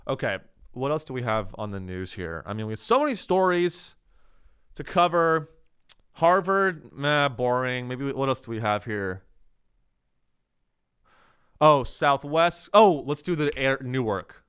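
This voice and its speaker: A man's voice: medium pitch, lively intonation, measured pace, pauses often, a bit bright, clean tone. Man riffing as a comedy podcast host. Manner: rambling, riffing, swearing, acts out voices. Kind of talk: casual comedic monologue.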